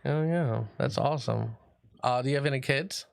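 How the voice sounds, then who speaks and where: Laid-back joking talk show host. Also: male voice, medium pitch, moderate pace, vocal fry, clear, resonant tone, no echo. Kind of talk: casual interview chat.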